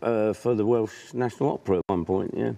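A man chatting as a guest in a relaxed interview, laughing easily and talking about himself with self-deprecation. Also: lowish voice, a little fast, vocal fry. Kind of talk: casual interview chat.

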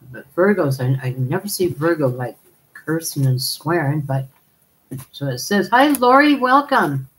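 Slow, chatty woman hosting a live stream. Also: sits low, warm tone, poor audio. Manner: chatty, rambling, laughs often, calls viewers darling. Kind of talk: casual chat reading viewer comments.

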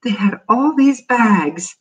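A woman voicing a proud, stern father who grumbles at his family in a storybook reading, with a husky voice. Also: on the high side, expressive, slow pace, far from the mic, voice pushed up, rough recording. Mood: grumbling.

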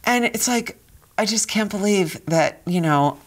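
A woman in her fifties telling stories as an interview guest in a casual, animated way, often stammering and repeating words as she retells dramatic moments. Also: mid-range voice, a little slow. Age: 50s.

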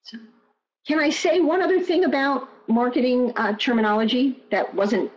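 A woman's voice: high-pitched, moderate pace. A woman presenting in a webinar, answering questions in an emphatic way and repeating key phrases. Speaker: guest presenter. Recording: muffled online audio.

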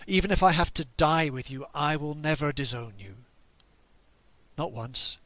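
A man's voice: a little high, lively intonation, measured pace, bright, forceful tone, no echo. A man voicing the grieving, angry disciple Peter at the cross in a dramatic monologue during a church service, bitter and questioning. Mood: anguished. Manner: bitter, questioning, self-reproaching.

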